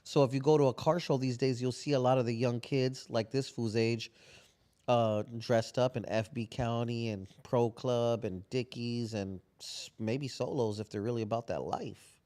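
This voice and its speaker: A man co-hosting a podcast in relaxed chat. His voice sits at an ordinary middle pitch. He wanders through his stories in loose street slang. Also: normal speed. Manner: slangy, rambling storyteller. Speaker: podcast co-host. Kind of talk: casual chat.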